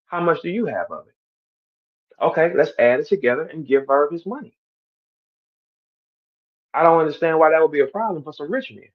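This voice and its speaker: A man speaking to his stream audience in a heated, animated monologue, repeating himself and swinging between loud outbursts and quiet asides. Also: fairly high pitch, a little fast, long pauses, phone-quality sound. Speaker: battle rapper on a stream.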